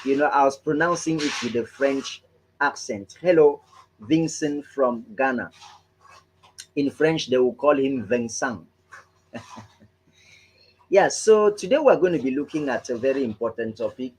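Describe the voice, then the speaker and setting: A man's voice: mid-range voice, animated, normal speed, slight background noise, poor audio. Upbeat man hosting an online training. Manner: upbeat and chatty, keeps adding "right?". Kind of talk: live online training, greeting viewers.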